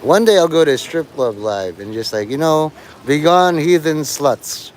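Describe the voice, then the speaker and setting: A man's voice: mid-range voice, expressive, brisk, a little mellow, slight background noise, low-quality recording. Rambling, profane man streaming outdoors. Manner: profane, meandering, full of fillers. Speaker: livestreamer. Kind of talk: rambling live stream monologue. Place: outdoors in the rain. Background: rain.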